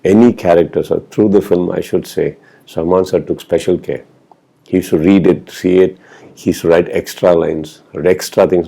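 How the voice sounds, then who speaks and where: A man with a very deep, gravelly voice and a dark, mellow tone, answering an interviewer's questions. He tells stories from a film set and acts out the lines people said, dropping in Hindi phrases as he goes. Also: fairly even intonation, moderate pace. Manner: storytelling, acting out quoted exchanges, mixing in Hindi phrases. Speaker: actor being interviewed.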